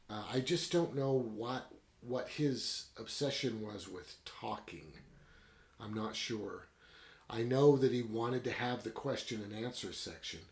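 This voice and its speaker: A man's voice: mid-range voice, echoey room. Rambling man reviewing a book. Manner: rambling and conversational, retelling the plot. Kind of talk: casual book review talk.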